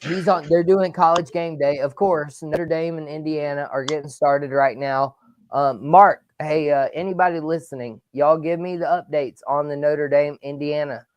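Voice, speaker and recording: A man hosting a live sports talk show, energetic and rambling, with loud outbursts. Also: fairly high pitch, moderate pace. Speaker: podcast host.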